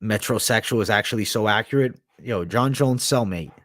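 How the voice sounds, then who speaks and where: A man's voice: lowish voice, normal speed, a bit bright, no room sound, clean studio sound. A young man hosting a livestream, talking in a crude, rambling, profanity-heavy slang as he reads and answers chat. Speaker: livestream host.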